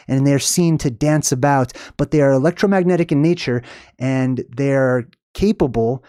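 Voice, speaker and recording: A man's voice: mid-range voice, warm tone, dry recording, studio quality. A man hosting his own channel, explaining lore in a casual livestream lecture, rambling with many "um"s and asking "right?" to check in. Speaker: channel host.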